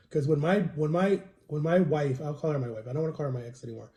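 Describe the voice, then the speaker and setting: A man's voice: a little high, fast, few pauses, dark tone. A man rambling through a personal story in a casual vlog, in a confiding way. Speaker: vlogger. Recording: roomy, echoey home recording.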